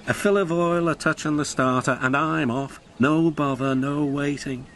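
A man's voice: on the high side, steady tone, moderate pace, fairly bright tone, a little hiss or hum. A man voicing a sneering, boastful diesel engine. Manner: scornful, smug.

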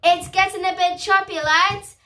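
A woman's voice: very high voice, steady tone, normal speed, pushed and bright, distant mic, voice pushed up. A woman voicing a timid, fretful pirate captain. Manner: raised, fretful calls. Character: timid male pirate captain who loves knitting.

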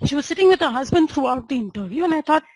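A woman's voice: high-pitched, darkish tone, a little hiss or hum, poor audio. A woman teaching a homeopathy lecture, telling a patient case as a story and acting out the dialogue.

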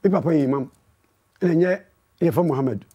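A Ghanaian man with a Ghanaian accent, a musician guest chatting casually in an interview and telling his story softly. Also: a little high, a little fast, breathy edge, lo-fi sound.

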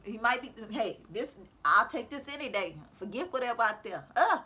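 This self-styled prophetic speaker preaches at home in a high, bright yet husky voice, animated and at normal speed. Her informal religious exhortation to viewers is preachy and repetitive, and she calls out to her audience.

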